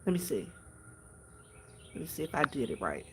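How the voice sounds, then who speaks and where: A woman's voice: rumbling low, sing-song, normal speed, fairly bright tone, slight background noise. A woman chatting casually to her viewers on a phone stream from the countryside, repeating herself and calling out "y'all" again and again. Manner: chatty, repetitive, keeps addressing viewers as y'all. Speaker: vlogger. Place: outdoors in the countryside near horses.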